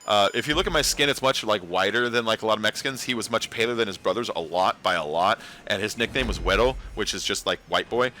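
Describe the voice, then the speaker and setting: A man's voice: fairly low pitch, expressive, fast, hardly any pauses, pushed and bright. A man hosting a casual livestream, rambling and talking back to his chat. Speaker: livestream host.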